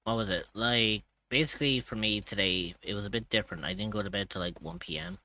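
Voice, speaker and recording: A man's voice: on the low side, fast, bright, forceful tone. A man streaming live, chatting casually. He is tired and groggy, and he rambles loosely and swears now and then.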